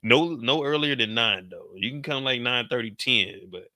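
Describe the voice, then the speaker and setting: A young male show commentator with a bright, forceful, medium-pitched voice gives an animated, casual recap of a show at normal speed, swearing as he riffs and slipping into the characters' lines. The sound is close and dry, with no echo or room around it.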